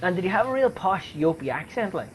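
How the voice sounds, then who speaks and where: A man's voice: high-pitched, sing-song, fast, breathy edge. A man co-hosting a podcast in casual chat, reacting with stammers and swear words. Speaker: podcast co-host. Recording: noisy podcast mic with clicks.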